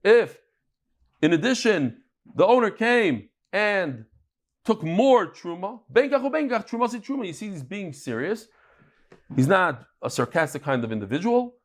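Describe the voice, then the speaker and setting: Man teaching Talmud, high voice, lively, joking. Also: moderate pace. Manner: lively, joking, acts out quotes. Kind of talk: daily Talmud class.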